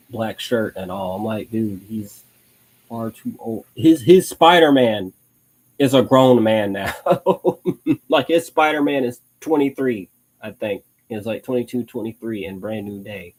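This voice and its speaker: A man's voice: on the low side, darkish tone, breathy edge, poor audio. A young man hosting a live online show, chatting casually in a rambling way with frequent restarts and laughs. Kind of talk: casual live-stream chat.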